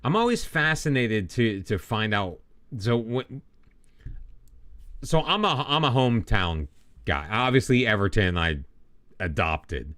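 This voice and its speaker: A middle-aged man chatting casually on a live game stream, with a low voice that swings widely up and down. He rambles in a self-deprecating way and restarts his sentences often. The sound is dry and close. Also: big pitch swings, measured pace, long pauses, a bit bright, dry recording. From United States.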